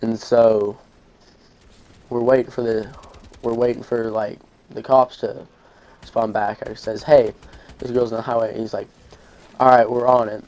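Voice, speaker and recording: A man's voice: mid-range voice, little pitch movement, a little slow, long pauses, mellow, low-quality recording. A young man, telling a long story casually over gameplay, rambling with fillers and restarts. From Arkansas, USA. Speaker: gaming channel host.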